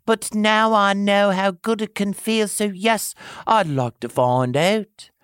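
A man doing Tamlin, high and pleading. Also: slow, fairly bright tone, clean tone, no echo, studio quality. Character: eager, pleading young male fae lord. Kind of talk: comedic dramatic reading.

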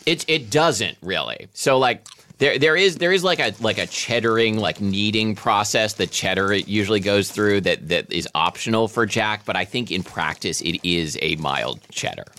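A man's voice: on the low side, expressive, moderate pace, bright, forceful tone. A man co-hosting a podcast in casual chat, talking with many hesitant restarts and fillers. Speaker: podcast co-host.

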